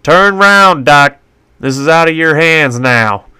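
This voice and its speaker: A man voicing a hard, commanding frontier sheriff who barks orders loudly. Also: a little high, normal speed, clear, resonant tone, dry recording, voice pushed up, natural voice. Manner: barking orders, loud.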